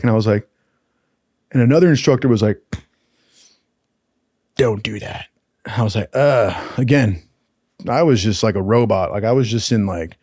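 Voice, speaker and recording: A man spins loose, profanity-laced anecdotes in a casual storytelling voice, and he keeps slipping into quick impressions of the people in them. His voice is dry and close, with no room sound around it. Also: lowish voice, darkish tone, no echo. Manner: profane, rambling anecdotes with acted quotes.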